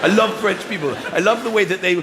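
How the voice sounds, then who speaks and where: An English man performing a stand-up comedy routine, acting out voices and bursting into excited shouts. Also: high voice, quick pace, very noisy. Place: comedy stage before a live audience. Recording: live stage audio with loud crowd laughter.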